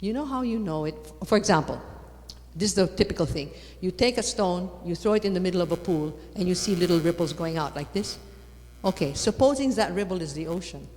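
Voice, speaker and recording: Lively woman speaker with hall echo. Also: fairly low pitch, brisk. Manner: lively, repeats for emphasis, rising to loud exclamations. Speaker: conference speaker. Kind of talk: animated talk on faith. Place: large conference hall. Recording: long hall reverb.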